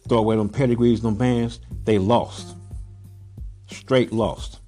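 A low-voiced man from Southern California talks straight at his listeners in a blunt, preachy monologue. He fires off question after question. Faint music plays under him. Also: steady tone, takes it slowly, warm tone. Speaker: podcast host, pigeon breeder. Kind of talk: casual monologue.

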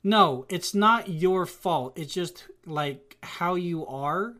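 A speaker in casual chat who rambles and talks in an animated way, often acting out what others say. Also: medium pitch, slow, background noise. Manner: rambling, animated, acts out quotes.

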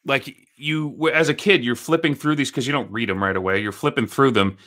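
Guy in his 30s, bright voice, swears a lot, rambling casual podcast chat. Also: mid-range voice, fairly quick. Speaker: podcast co-host.

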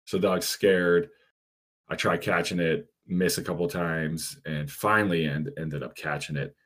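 A man hosting a podcast, telling stories in a relaxed way with frequent fillers. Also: low voice, a little slow. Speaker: podcast host and animal protection officer. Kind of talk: casual podcast chat.

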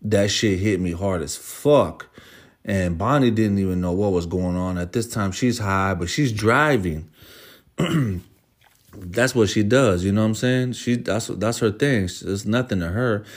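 A man with a low voice telling a personal story to his viewers. He talks in loose, casual slang, restarts his sentences often and swears freely. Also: unhurried. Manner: profane, slangy, rambling.

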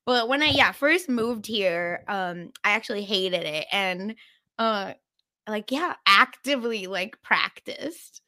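A woman's voice: medium pitch, animated, slow, sharp tone. A young woman from India co-hosting a podcast, recapping a TV episode in casual, bubbly chat full of fillers. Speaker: podcast co-host.

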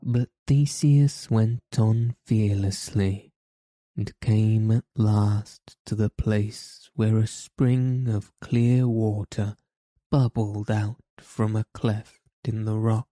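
Slow, dark-voiced male storyteller. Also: lowish voice, no room sound. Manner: steady, measured read-aloud delivery. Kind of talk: storybook narration.

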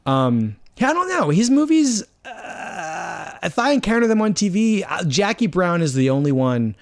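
A man's voice: sits high, sing-song, moderate pace, vocal fry. A man, a film critic, talking casually on a podcast, often searching for words and restarting his sentences.

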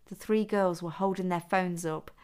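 A woman narrating her own adult story in a steady, even reading voice. Her pitch sits a little low for a woman. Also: moderate pace, clear, resonant tone. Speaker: author and narrator.

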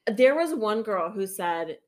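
A woman co-hosting a casual podcast chat, relaxed and chatty, reading listener messages aloud. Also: mid-range voice, measured pace. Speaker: podcast co-host.

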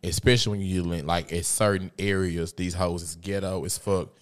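A man with a fairly low voice hosts a casual podcast and tells a family story. His delivery is animated and profane, and loud laughs break through. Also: brisk. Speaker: podcast host.

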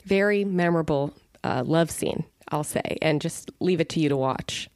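A middle-aged woman co-hosting a podcast, chatting and telling stories with quick asides. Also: sits low, a little mellow, no echo, clean studio sound. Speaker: podcast co-host. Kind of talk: casual chat.

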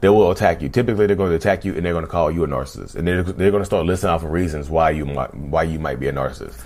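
A man's voice: rumbling low, very fast, darkish tone. A man talking casually to his viewers, often calling them "y'all", in a direct-to-camera video monologue. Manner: conversational, keeps addressing viewers as "y'all". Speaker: vlogger talking about narcissism.

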